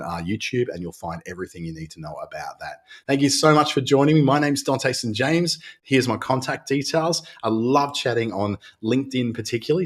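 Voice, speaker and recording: A man's voice: lowish voice, husky. A man hosting a casual live webinar, walking viewers through a screen-share demo in a chatty, friendly way and often restarting his sentences. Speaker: webinar host.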